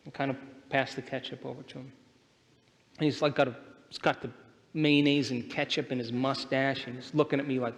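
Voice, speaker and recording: A man's voice: a little high, moderate pace. A man giving a motivational seminar lecture to a live audience, speaking emphatically and often asking the crowd questions. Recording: long hall reverb.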